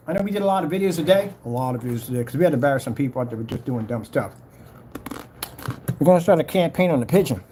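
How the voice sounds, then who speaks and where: A man's voice: on the high side, mellow, a little hiss or hum. A man ranting casually to camera, boastful and challenging, repeating himself and daring rivals. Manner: trash-talking, challenging, repetitive. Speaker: vlogger selling projector screen paint.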